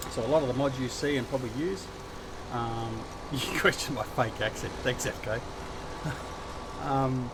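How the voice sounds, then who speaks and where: There's noise in the background as a medium-pitched Australian livestream host chats easily with his gaming audience. He calls out viewers by name and cracks jokes at his own expense.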